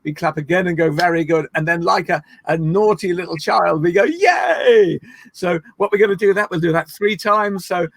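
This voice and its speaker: A man leading an online laughter yoga session, playful and encouraging, breaking into laughs and shouts. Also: sits high, fairly even intonation, a little fast, gravelly, hardly any pauses, dry recording. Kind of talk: guided online laughter exercise. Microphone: video call.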